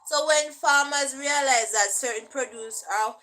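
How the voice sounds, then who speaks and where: Bright-voiced Jamaican woman chatting. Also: sits high, measured pace, low-quality recording. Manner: chatty, checks in often with "right?". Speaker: vlogger. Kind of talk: casual explanatory talk.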